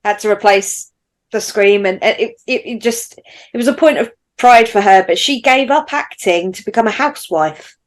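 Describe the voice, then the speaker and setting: A woman's voice: medium pitch, normal speed. A woman co-hosting a film podcast, telling a story steadily with small restarts. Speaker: podcast co-host. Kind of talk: casual film review chat.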